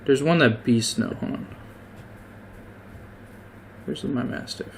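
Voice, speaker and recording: A man's voice: mid-range voice, slow, gravelly, slight background noise. A man running a tabletop game as game master, hesitant and often rethinking his rulings mid-sentence. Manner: hesitant, full of ums and rethinking.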